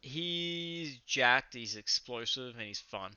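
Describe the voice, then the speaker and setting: This young Australian co-host talks slowly but in an animated way as he loosely and enthusiastically recaps a fight, swearing and rambling now and then. His medium-pitched voice is bright, forceful, clear and resonant. The audio is slightly muffled and lo-fi.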